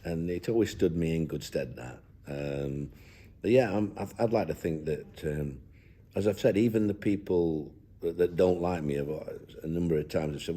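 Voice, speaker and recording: A man's voice: sits low, animated, brisk, dark tone, husky. An older man, a football manager, talking down-to-earth in an interview and reminiscing with frequent restarts. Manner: down-to-earth, rambling with many restarts. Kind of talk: reflective interview chat.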